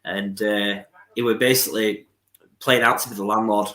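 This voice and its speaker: A man's voice: on the low side, steady tone, normal speed, bright, forceful tone, reverberant. A man with a Northern English accent chatting on a video call, easygoing, saying "it were".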